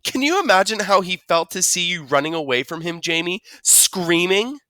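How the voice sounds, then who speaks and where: A man's voice: sits high, animated, normal speed, bright, forceful tone, no room sound, clean studio sound, voice pushed up. A man voicing a firm, scolding mother in a storybook read-aloud. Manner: scolding, lecturing.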